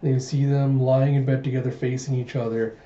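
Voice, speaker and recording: A man's voice: medium pitch, flat delivery, fairly quick, dark tone, slight background noise. A man doing a casual manga readthrough, retelling scenes and acting out the lines. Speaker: reader, channel host. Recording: echoey room, muffled lo-fi mic.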